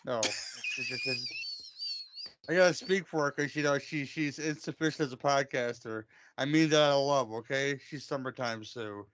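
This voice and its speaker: A man's voice: medium pitch, fairly quick, few pauses, fairly bright tone, dry recording. Joking podcast host man, dull dry sound. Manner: joking, stammering. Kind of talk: casual chat.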